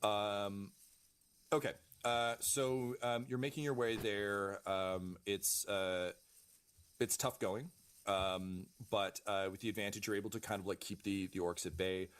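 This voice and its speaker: A man narrating as game master of a tabletop game, pausing often with ums and uhs. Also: fairly low pitch, fairly even intonation, fairly bright tone, clear, resonant tone. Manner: hesitant, many ums and uhs.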